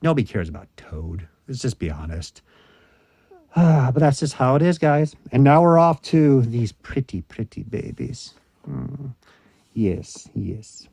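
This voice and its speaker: A man's voice: mid-range voice, darkish tone, dry recording. A man chatting casually through a toy-unboxing vlog, full of joking asides and the odd sound effect. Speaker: toy collector unboxing his collection.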